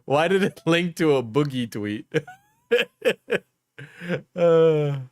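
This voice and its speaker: A man's voice: on the high side, expressive, very slow, no room sound, studio quality. A man streaming live and reacting to online drama, joking and laughing often as he talks to his chat. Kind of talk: casual livestream reaction commentary.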